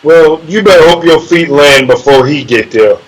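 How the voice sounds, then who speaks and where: A fairly high-pitched man spins a swaggering, profane story as an interview guest. He throws in sound effects and acts out other people's lines. His delivery is loose and lively. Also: moderate pace, rough recording. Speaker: interview guest, MMA fighter.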